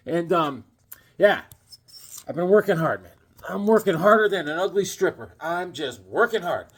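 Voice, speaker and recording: A man's voice: high voice, expressive, moderate pace. A middle-aged man chatting casually to camera about comic books, jokey and wisecracking. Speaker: comic book vlogger. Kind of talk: casual rambling chat to camera.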